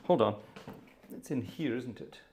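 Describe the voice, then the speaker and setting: A man's voice: medium pitch, unhurried, over loud music. Male organist host, live stream, casual, jovial, rambling, medium voice. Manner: jovial, rambling, chuckling asides. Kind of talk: casual live-stream chat between pieces. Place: hot indoor room at an organ console.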